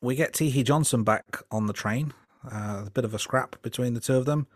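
A man co-hosting a casual film review podcast, relaxed and hesitant, with plenty of fillers and restarts. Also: mid-range voice, a little fast, no room sound, clean studio sound. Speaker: podcast co-host.

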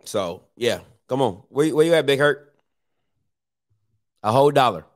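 A man's voice: mid-range voice, lively intonation, measured pace, no room sound, clean studio sound. A man hosting his own YouTube show, chatting casually and teasing viewers, with lots of fillers. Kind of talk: casual live-stream talk.

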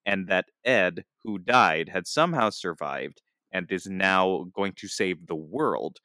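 A man on a podcast, telling an animated, rambling story in casual chat. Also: sits low, slow pace, no echo, clean studio sound. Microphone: podcast microphone.

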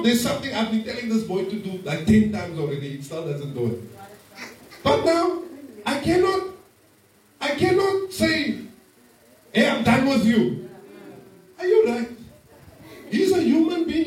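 A man with a very high voice preaches an animated sermon, laughing often and calling on the congregation to respond. He is heard from some distance in a church hall, with heavy echo around him. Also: normal speed, pauses often. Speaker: pastor. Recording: very echoey hall from far off.

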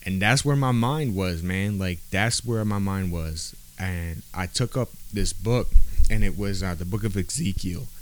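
A man's voice: low voice, unhurried, a little hiss or hum. A man on a podcast, telling a personal story in casual street slang, with lots of "bro" and "like" fillers. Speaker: podcast guest.

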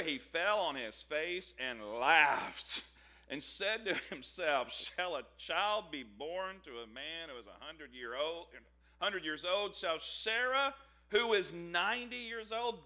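A man delivers a sermon in a bright, ringing voice that sits slightly high for a man. He tells the scripture story like an animated, joking storyteller, acting out the conversations as he goes. His pitch rises and falls a lot, giving the preaching a lively, expressive feel. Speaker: pastor.

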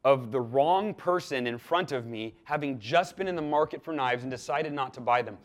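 Man, podcast guest, storytelling, animated, acts out dialogue. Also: mid-range voice, normal speed. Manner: animated, acts out quoted dialogue with lively swings in loudness. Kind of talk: storytelling in a conversational interview.

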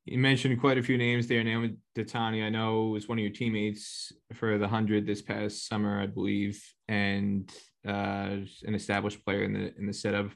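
A man's voice: lowish voice, monotone, normal speed, vocal fry, few pauses. A man hosting an interview, asking questions in a playful, teasing way and reading a press clipping aloud. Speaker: interviewer host. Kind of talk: conversational interview.

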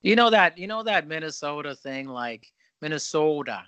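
A man's voice: a little high, lively intonation, normal speed, pushed and bright, smooth, no room sound, lo-fi sound. A man hosting a podcast, chatting casually, joking and riffing in long run-on thoughts. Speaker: podcast host. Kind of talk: casual interview chat.

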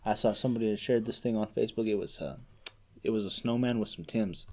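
A man's voice: lowish voice, steady tone, quick pace, darkish tone. A young man co-hosting a podcast, laid-back and slangy, laughing easily. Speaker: podcast co-host. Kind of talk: casual chat.

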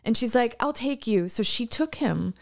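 A woman co-hosting a podcast, telling a story in excited, sweary casual chat, quoting people as she goes. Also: a little high, moderate pace, vocal fry. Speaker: podcast co-host.

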